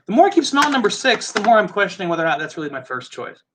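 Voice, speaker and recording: A man's voice: high voice, big pitch swings, very fast, fairly bright tone, slight background noise. A man with a Midwestern American accent hosting a casual live tasting, chatty and musing aloud as he goes. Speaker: host.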